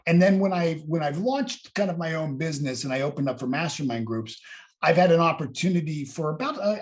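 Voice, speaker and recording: A man hosting a casual interview over a video call, enthusiastic and laughing often, stumbling into quick restarts. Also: a little high. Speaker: host.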